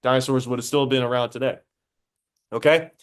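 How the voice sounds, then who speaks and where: A man teaching a high school biology class, casual and talkative, stopping to quiz students directly. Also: fairly even intonation, a little fast. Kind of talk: classroom lecture.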